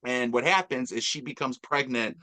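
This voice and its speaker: A man's voice: mid-range voice, moderate pace, sharp tone. A man hosting a casual movie review chat, talking enthusiastically and rambling with fillers. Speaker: podcast host.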